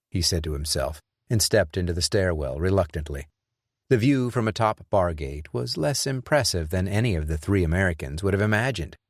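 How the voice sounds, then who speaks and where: A man narrating an audiobook in a measured, even reading. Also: sits low, no echo, clean studio sound. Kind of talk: scripted narration.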